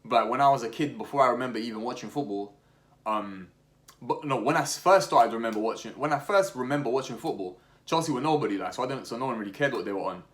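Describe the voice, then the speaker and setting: A man's voice: mid-range voice, fast talker. A young man talking casually about football as a podcast host, full of slang, restarts and fillers. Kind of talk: casual opinionated chat.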